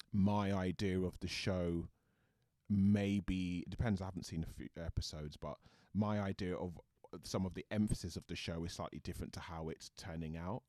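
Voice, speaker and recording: British man, very low voice, dead dry recording, casual interview, reflective. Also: a little mellow, no echo. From Britain. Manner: thoughtful, restarts often, talks it through. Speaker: actor guest.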